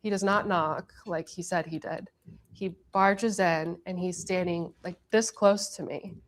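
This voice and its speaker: A woman's voice: lowish voice, steady tone, unhurried. A woman giving an earnest account in a television interview, telling events step by step and often repeating herself. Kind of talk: recounting in a TV interview.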